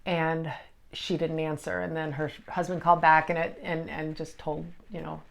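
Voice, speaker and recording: A middle-aged woman, an energy healer, telling a personal story in an emotional, halting way with many restarts. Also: deep voice, level tone, creaky.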